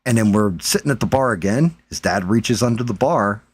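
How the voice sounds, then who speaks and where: A man's voice: on the low side, fairly quick, slightly rough, no room sound. A man hosting a live stream, telling a story in casual, profane chat and acting out what people said. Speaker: streamer host.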